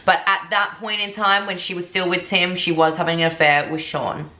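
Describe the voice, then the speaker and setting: A woman with a lowish, bright and forceful voice tells a true crime story in a chatty, conversational way. Her voice rings out in an echoey room. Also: little pitch movement, moderate pace. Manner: chatty, conversational retelling with fillers.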